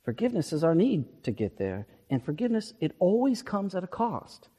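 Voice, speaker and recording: A man's voice: high voice, sing-song, brisk, warm tone, slightly rough. A male pastor giving an emphatic, earnest sermon and repeating words for stress. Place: church sanctuary. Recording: long reverb of a church sanctuary.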